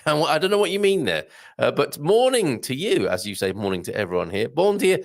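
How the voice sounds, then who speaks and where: A man's voice: mid-range voice, big pitch swings, a little fast, gravelly. A man hosting a casual livestream, chatting and greeting viewers by name, often laughing and rambling. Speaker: livestream host. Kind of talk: casual live chat reading viewer comments.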